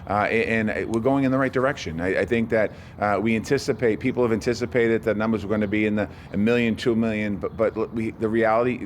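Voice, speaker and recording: A man with a Massachusetts accent answering questions as a government official in a TV news interview, talking fast with many restarts. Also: lowish voice, slight background noise.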